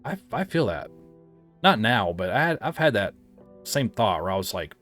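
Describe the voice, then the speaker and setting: This male game reviewer has a fairly low voice with wide pitch swings, a reasonably bright tone, and normal speed. Chatty and rambling, he often stops mid-sentence to correct himself while soft music plays underneath.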